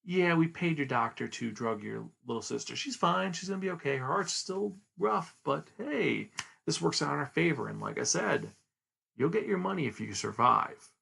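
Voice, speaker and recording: Brief: a man doing a pushy shady recruiter, gravelly, raised pitch. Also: lively intonation, moderate pace, sharp tone, full character voice. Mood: smug. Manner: pushy, smooth-talking. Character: shady shark-toothed male recruiter, slick.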